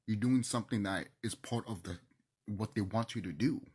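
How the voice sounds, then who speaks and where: A man's voice: on the low side, moderate pace, darkish tone, slightly rough. A man hosting his own channel, ranting to camera in a heated, profane, preachy way. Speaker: channel host.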